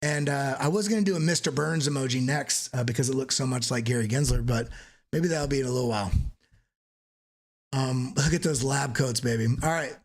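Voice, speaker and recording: Joking, energetic male crypto streamer. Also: medium pitch, fairly quick. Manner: energetic, joking, swears casually. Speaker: crypto trading channel host. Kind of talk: live-streamed chart analysis.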